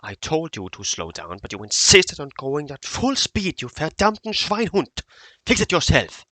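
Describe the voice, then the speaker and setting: A man voicing a hot-tempered German soldier in a put-on German accent, shouting and scolding. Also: fairly high pitch, wildly swooping pitch, normal speed, dry recording, pitched above the performer's own voice, exaggerated voice. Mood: angry.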